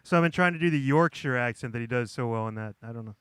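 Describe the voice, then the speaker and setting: A man's voice: medium pitch, fast talker, fairly bright tone, clean tone. A man co-hosting a podcast, wry and bickering, mocking himself in casual chat. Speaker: co-host.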